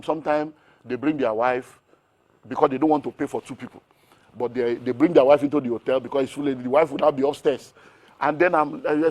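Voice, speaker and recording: Middle-aged Nigerian man, business-mentor guest; rapid and energetic, keeps asking "how do you" questions. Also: a little high. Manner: energetic, piles up rhetorical questions. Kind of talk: animated interview talk.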